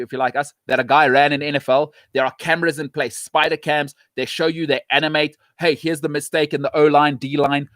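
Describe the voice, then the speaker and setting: South African man, live-stream host, impassioned rant, higher-pitched voice, dry close sound. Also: fairly bright tone, no room sound. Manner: impassioned, emphatic, repeats for emphasis; reads out and answers live-chat comments. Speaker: show host.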